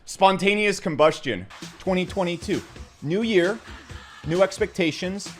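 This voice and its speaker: A man's voice: high voice, a little slow, soft background music. Brash, mocking young man ranting. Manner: brash, mocking, swings between loud outbursts and mutters. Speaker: crypto YouTuber. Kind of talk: sarcastic rant to camera.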